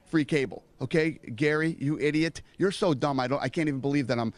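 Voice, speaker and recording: A man's voice: on the high side, fast talker, no room sound. A middle-aged man ranting bluntly and profanely at a press conference as a sports promoter.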